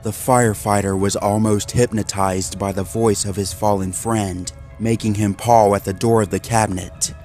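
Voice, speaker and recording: A man reading a horror story aloud in a measured, dramatic voice-over. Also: fairly low pitch, fairly even intonation, a little mellow. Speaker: narrator. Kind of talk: scripted horror story narration. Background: faint background music.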